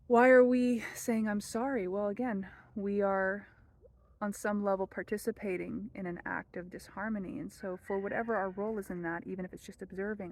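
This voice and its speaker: A woman with a medium-pitched, steady voice gives a gentle, measured spiritual teaching, softening almost to a hush as she repeats a prayer.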